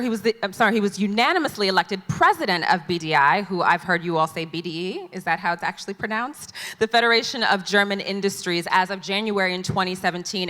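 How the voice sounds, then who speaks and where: A woman's voice: medium pitch, bright, forceful tone. A woman moderating a conference panel, introducing the guests in a chatty, playful way. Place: large conference hall stage. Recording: long hall reverb.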